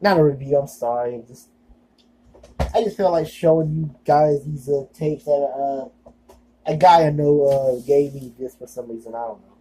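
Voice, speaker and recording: A man's voice: a little high, normal speed, mellow, slight background noise, rough recording. A young man vlogging in a casual, rambling monologue, full of fillers and self-deprecating asides.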